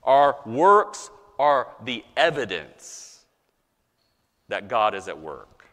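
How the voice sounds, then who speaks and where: A man preaching a sermon as a pastor, animated, mock-voicing objectors and swinging between loud and soft. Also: mid-range voice, slow, big-room sound.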